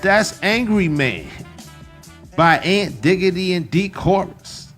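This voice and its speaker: Brief: relaxed slangy male radio host, a touch higher voice, faint hip hop beat behind. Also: faint music behind. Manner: laid-back, slangy, drawn-out phrases. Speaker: radio podcast host and rapper. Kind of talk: casual radio chat.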